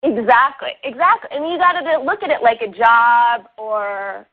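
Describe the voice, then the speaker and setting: A woman's voice: a little high, moderate pace. A woman guest on an interview show, chatting about writing in an upbeat, talkative way and laughing often. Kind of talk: casual interview talk. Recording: dull lo-fi online radio audio.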